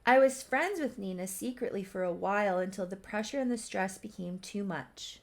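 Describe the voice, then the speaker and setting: A tearful young woman, guilt-ridden and anxious, pleading earnestly for forgiveness, as a woman puts her on while retelling a life-sim soap opera. Her voice carries a gravelly fry. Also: medium pitch, moderate pace, natural voice.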